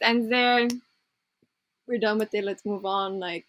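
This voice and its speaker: A woman's voice: medium pitch, fairly even intonation, unhurried, fairly bright tone. A young woman co-hosting a podcast, recapping a TV show in a rambling, profane way full of fillers. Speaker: podcast co-host. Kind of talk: casual chat recapping a TV show.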